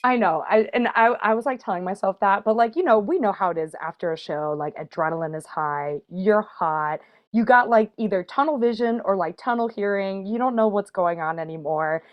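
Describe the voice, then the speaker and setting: A woman chatting as a podcast guest, her voice at an ordinary middle pitch. She talks fast and loose, piling on fillers and breaking into laughter often. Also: expressive, muffled recording. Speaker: podcast guest, burlesque and drag performer. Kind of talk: casual storytelling chat.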